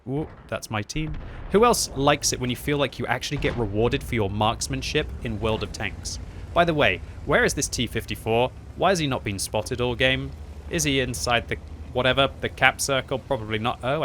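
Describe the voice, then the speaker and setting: A young man giving chatty, excitable live commentary over his own gameplay, often joking at himself. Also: medium pitch, slight background noise. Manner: chatty, excitable, self-mocking. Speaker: gaming commentator.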